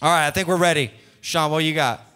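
A man's voice: on the high side, fast, sharp tone. A man hosting a live trivia night at a comedy club, teasing the players and laughing often. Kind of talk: live event banter.

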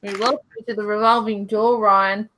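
A livestream host with an Australian accent chats casually from her home couch, reading out viewer questions and laughing often. Her medium-pitched voice is brisk with little pitch movement, over a noisy background.

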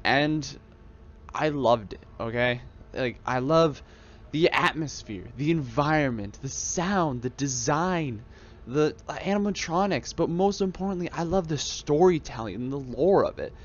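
Through a headset, a young YouTube gamer with a voice on the high side talks at a measured pace, animated and enthusiastic. The recording is muffled. In a casual, reflective monologue, he rambles about games he loves and often restarts his sentences.

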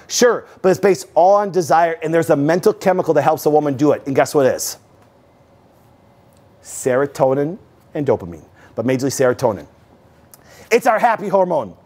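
A middle-aged man lectures an audience about health with a preacher's insistence. His voice sits a little high, and he keeps asking whether his listeners see what he means. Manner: emphatic, preachy, asks the audience rhetorical questions. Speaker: host. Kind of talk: animated health talk to an audience.

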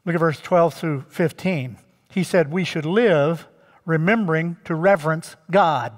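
High-voiced pastor preaching in a reverberant church. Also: male voice, a little slow. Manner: emphatic, draws out key words; addresses the congregation directly. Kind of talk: sermon. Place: church sanctuary.

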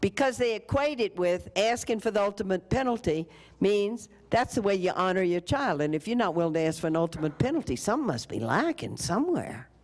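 An older woman giving a storytelling lecture at a college, animated, slipping into the voices of the people in her story. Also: mid-range voice, fairly quick. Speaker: keynote speaker.

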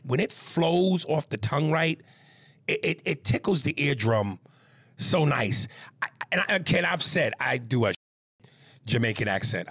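A middle-aged man co-hosting a podcast, joking and talking crudely in animated, casual chat. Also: medium pitch, vocal fry, husky, dry recording. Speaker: podcast co-host.

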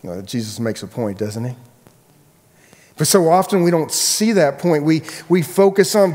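A man preaching a sermon earnestly, often repeating and restarting phrases and dropping to a soft voice on key points. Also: fairly high pitch, animated, moderate pace. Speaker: pastor. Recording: long echoey hall reverb.

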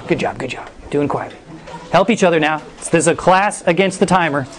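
A middle-aged male teacher giving a class brisk, playful instructions. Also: on the high side, slight background noise. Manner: energetic, brisk, playful commands.

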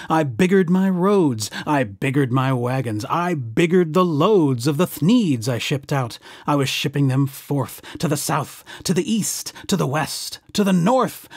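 A man's voice: on the high side, no echo, studio quality. A man reading a rhyming children's book aloud with a bouncy, rhythmic delivery. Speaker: storyteller.

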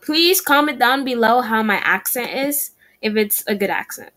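A woman's voice: on the high side, lively intonation, normal speed, bright, forceful tone. A young adult woman chatting casually in a language-learning vlog, talking through her practice and correcting herself as she goes. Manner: chatty, self-correcting, repeats practice phrases aloud.

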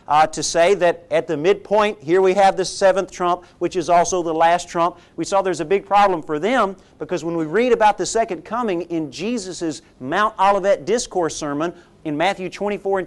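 A man pastor delivering a sermon, emphatic and rhetorical, often checking in with the congregation. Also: sits high. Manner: emphatic, rhetorical, frequent "okay?" check-ins.

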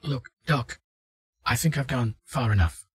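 A man's voice: mid-range voice, unhurried, slightly rough, voice pushed up. A man voicing a nervous male test subject. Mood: uneasy. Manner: nervous, reluctant, pleading. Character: frightened male test subject on dark stairs.

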